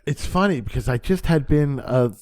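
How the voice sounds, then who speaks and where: Animated storytelling comedian, man. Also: on the high side, normal speed. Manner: animated, acts out dialogue, casual swearing. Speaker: stand-up comedian guest. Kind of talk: storytelling anecdote on a podcast.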